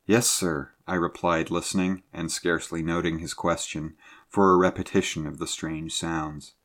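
A man reading a sea adventure story aloud in a measured, low-key narrating manner. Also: level tone, a bit bright.

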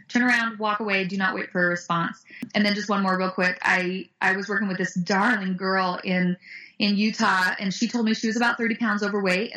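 A woman's voice: medium pitch, low-quality recording. A woman guest in an interview, talking animatedly about anti-bullying tools and acting out the voices of the kids in her stories. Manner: animated, acts out quoted voices. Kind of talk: interview answers.

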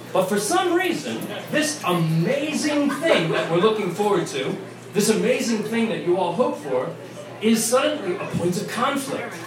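A man, a priest, giving a chatty, story-filled talk to a crowd in a pub. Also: sits high. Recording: echoey pub, distant mic, noise.

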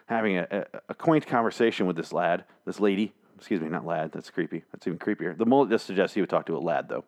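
A man's voice: low-pitched, fast, a little mellow. A man recapping comic chapters in a casual, rambling, sarcastic monologue, swearing freely and slipping into mock voices. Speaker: comic book reviewer.

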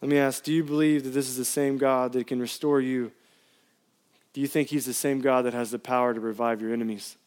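A pastor preaches with impassioned fervor, his voice rising to pleading highs before sinking into something quiet and intimate.

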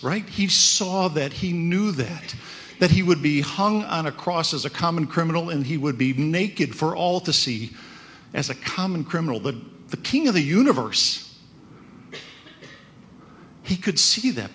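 Man preaching, fairly high voice. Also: a bit bright, a little hiss or hum. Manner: conversational preaching with frequent "right?". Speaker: pastor. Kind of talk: sermon.

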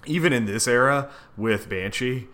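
A man's voice: medium pitch, normal speed, a bit bright. A man co-hosting a casual podcast, recapping a story in a laid-back way with casual swearing. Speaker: podcast co-host. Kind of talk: casual chat, recapping a comic.

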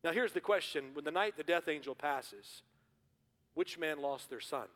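Pastor preaching in a reverberant hall. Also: male voice, fairly high pitch, moderate pace. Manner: builds to forceful repeated refrains. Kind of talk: sermon. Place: church sanctuary.

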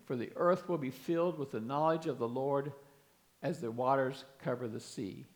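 A man's voice: medium pitch, normal speed, darkish tone. A man preaching a sermon, earnestly explaining and reading scripture aloud with emphasis.

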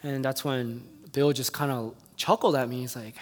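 A man's voice: medium pitch, normal speed. A man preaching a sermon as pastor, telling a personal story in an earnest way and pressing his church with heartfelt appeals. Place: church sanctuary. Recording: long reverb of a hall.

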